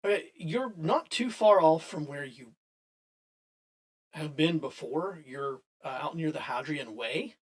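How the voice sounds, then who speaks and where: A man with a slightly raised pitch runs a tabletop game as game master. His narration is loose and conversational, full of restarts and easy laughter. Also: expressive, unhurried. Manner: chatty, loose, often laughing, many restarts.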